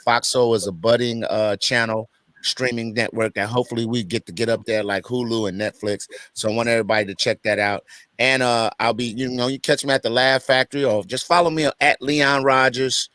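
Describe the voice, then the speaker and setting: A middle-aged man with a bright, forward voice, trading quick jokes as a comedian. His manner is brash and loose, and he swears freely. His pitch sits in an ordinary middle range. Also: fairly even intonation, no echo. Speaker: comedian guest. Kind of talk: joking banter on a video call.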